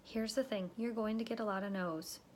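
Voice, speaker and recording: Over a faint hum in the room, a woman speaking at a middle pitch coaches her direct-selling reps in an easygoing, talkative manner. She's a sales consultant who often pauses for an "okay?" and acts out her customer pitches.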